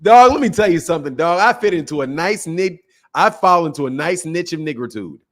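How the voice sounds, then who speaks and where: A man's voice: a little high, lively intonation, brisk. A man from the United States hosting a boxing channel, chatting casually on a live stream, boastful and joking, swearing freely.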